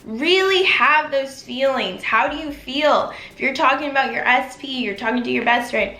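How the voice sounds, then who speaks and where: Upbeat woman vlogger coaching her viewers, crisp, fairly high voice, roomy echo. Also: moderate pace, bright, forceful tone. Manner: upbeat, encouraging, addresses viewers directly. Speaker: manifestation coach. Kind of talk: instructional vlog talk. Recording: echoey room.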